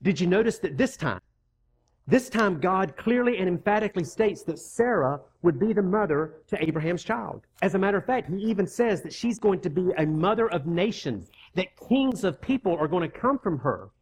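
A preacher delivers an emphatic, conversational sermon in a mid-range, darkish voice with lively intonation, moving fairly quickly with hardly any pauses. Key words are repeated for weight, and scripture is read aloud with the characters' lines acted out, broken up by conversational asides to the congregation.

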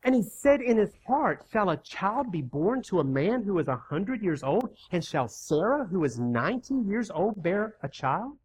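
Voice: mid-range voice, big pitch swings, normal speed, hardly any pauses, darkish tone, a little hiss or hum. A preacher giving a sermon, emphatic and conversational, repeating key words for weight and reading scripture aloud. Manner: reads scripture aloud and acts out the characters' lines; conversational asides to the congregation.

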